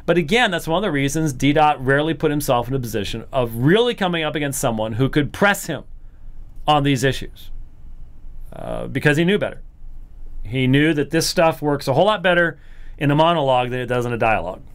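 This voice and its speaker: A man commenting on a recorded lecture, rebutting it in an incredulous, animated way. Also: fairly high pitch, brisk. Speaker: Christian apologist commentator.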